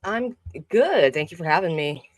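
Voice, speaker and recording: A woman's voice: lowish voice, animated, moderate pace, no echo. A woman appearing as a guest on a podcast, chatting in a playful, easygoing way. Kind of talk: casual chat.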